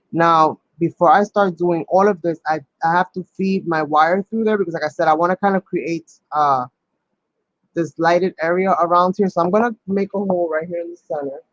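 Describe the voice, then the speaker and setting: A man hosting a casual crafting tutorial, talking his steps through out loud with plenty of ums. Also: fairly high pitch, no echo, muffled recording. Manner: chatty, thinks aloud with many ums. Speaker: crafting channel host.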